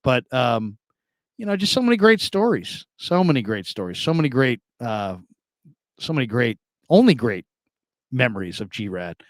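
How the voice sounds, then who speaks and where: A man's voice: mid-range voice, big pitch swings, normal speed, no echo. A man hosting sports talk radio, reading listener comments in a loose, rambling way with plenty of laughs and repeated phrases.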